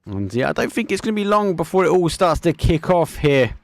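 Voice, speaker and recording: A man's voice: fairly high pitch, very animated, fairly quick, gravelly, no room sound. A man from England with an Essex accent, casting a live esports match and chatting casually with viewers. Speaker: esports caster. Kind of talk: live game commentary with chat.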